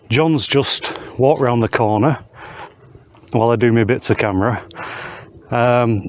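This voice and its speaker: Man, casual vlog to camera, halting with uh fillers, mid pitch, open moorland, camera mic with clear background noise. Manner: chatty, halting with frequent uh fillers. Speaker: host of a wild camping channel. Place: outdoors on open moorland hills. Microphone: handheld camera mic.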